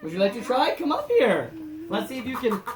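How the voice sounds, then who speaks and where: A woman's voice: a little high, a little fast, crowd noise. A woman presenting a children's science show, coaxing the young audience to join in. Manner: animated, coaxing audience participation. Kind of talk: lively interactive demonstration for kids. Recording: noisy home video recording.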